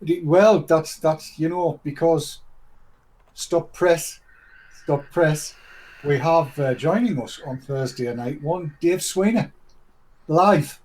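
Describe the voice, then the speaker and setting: A man co-hosts a casual studio chat. His voice sits somewhat high. He jokes and banters with the other hosts. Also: slow pace, a little mellow, low-quality recording. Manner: jokey, banters. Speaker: show co-host.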